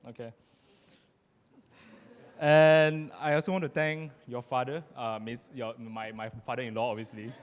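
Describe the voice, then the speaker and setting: A young man giving a halting, emotional groom's speech at a beach wedding, restarting often and adding "right?" as he goes. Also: medium pitch, little pitch movement, in a large hall. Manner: halting, many restarts and tag questions. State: tearful. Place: outdoor beach wedding venue.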